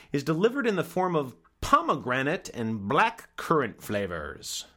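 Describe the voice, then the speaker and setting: A man's voice: medium pitch, fairly bright tone. Dry, wry man reviewing cheap wine. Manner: dry and wry, with a sarcastic aside. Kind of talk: casual vlog review.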